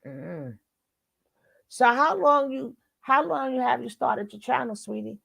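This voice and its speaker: A woman's voice: fairly high pitch, expressive, a little slow, vocal fry. A woman with a Brooklyn accent hosting a casual live chat, chatty and calling everyone baby. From Brooklyn, New York. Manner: warm and chatty, calls people baby and darling. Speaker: livestream host.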